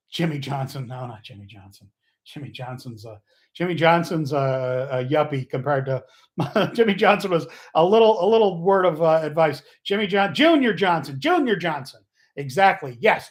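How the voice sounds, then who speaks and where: A man hosting a casual livestream, rambling and joking, often losing his train of thought and getting loud and fired up. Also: fairly high pitch. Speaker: livestream host.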